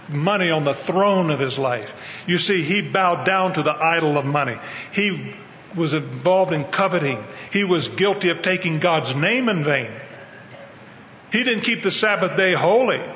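A man's voice: a little high, a bit bright, in a large hall, highs cut off, slight background noise. A man preaching a sermon to a church congregation, speaking earnestly and addressing the listeners directly. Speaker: evangelist preacher. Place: church in New Mexico.

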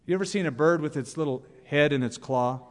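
A man preaching a sermon as pastor, lively and humorous, reading out examples and scripture. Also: fairly high pitch, brisk. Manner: animated, reads quotes with humor. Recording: long reverb of a church hall.

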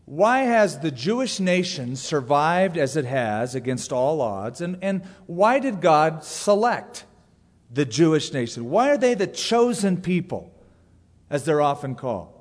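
A man's voice: fairly high pitch, sing-song, unhurried, big-room sound. A man preaching a sermon as pastor, telling stories in an easy conversational way with dry humor.

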